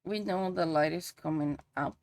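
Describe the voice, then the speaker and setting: A woman's voice: on the low side, moderate pace, darkish tone. A woman streamer chatting casually while she draws on a live stream, swearing freely and singing along to songs now and then.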